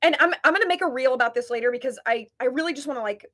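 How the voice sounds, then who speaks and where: Twenties woman with a high, chatty voice; earnest live-chat host. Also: very fast, fairly bright tone. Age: 20s. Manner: chatty, heavy use of "like", earnest and passionate.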